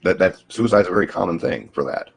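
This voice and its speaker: Man, very deep voice, husky, slight stutter, halting restarts, casual call chat. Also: lively intonation. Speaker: guest.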